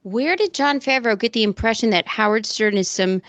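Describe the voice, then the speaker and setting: A woman's voice: a little high, moderate pace, a bit bright, no room sound. Emphatic woman co-host ranting, dry sound. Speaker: podcast co-host. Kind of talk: casual podcast commentary.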